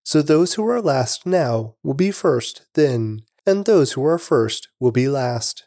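A man narrating a scripture reading in a steady, measured way. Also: medium pitch, no echo, clean studio sound.

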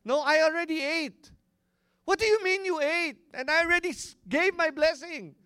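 Man doing old dying father, bright clear voice, dry sound. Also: very high voice, moderate pace, no room sound, voice pushed up. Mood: regretful.

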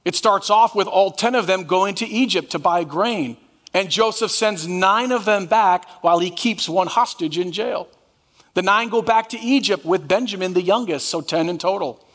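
A man pastor preaching a sermon, reading scripture dramatically and breaking into lively voiced asides. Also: sits high, long reverb tail.

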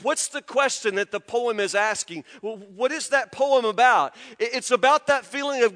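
High, bright-voiced pastor preaching in a hall. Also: male voice. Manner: emotional, halting with many stammered restarts, swings from loud to hushed. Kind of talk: sermon.

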